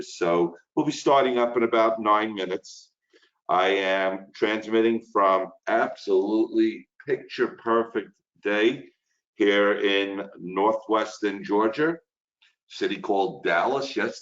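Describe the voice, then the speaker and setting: A man's voice: low-pitched, muffled recording. A man in his sixties with a Brooklyn New York accent, an instructor making talkative, earnest small talk before a webinar. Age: 60s. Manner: talkative, folksy, earnest, rambling asides. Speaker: insurance course instructor.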